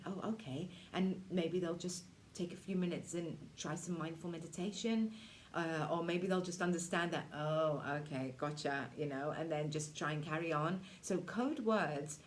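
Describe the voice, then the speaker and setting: A woman in her forties runs a relaxed self-care talk for teenagers. Her voice sits a little low, and she keeps a chatty, reassuring tone, acting out moods as she goes. A soft background noise stays under her voice throughout. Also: moderate pace. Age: 40s. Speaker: self-care workshop leader. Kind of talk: casual teaching talk to teens.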